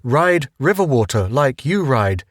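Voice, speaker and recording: A man's voice: mid-range voice, measured pace, dry recording, studio quality. A man doing a defiant young captive, terse. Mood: explaining. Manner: terse broken phrases, steady and firm.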